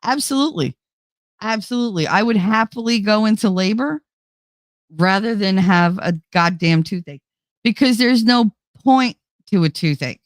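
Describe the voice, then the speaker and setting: A woman's voice: mid-range voice, no echo, studio quality. A woman hosting a livestream, chatting casually with her viewers in a blunt, outspoken way and swearing freely. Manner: blunt, swears freely, talks straight to chat. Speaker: livestream host reading chat. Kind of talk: casual chat.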